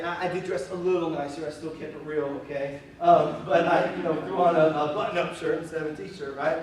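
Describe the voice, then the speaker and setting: A young man preaching in a church sanctuary, his slightly high voice bouncing around a very echoey room and heard from well back from the mic. He talks candidly and with animation, spinning personal stories full of fillers and self-deprecating asides. Faint hiss sits under the recording. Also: a little mellow, distant mic. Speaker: pastor. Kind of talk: conversational sermon storytelling.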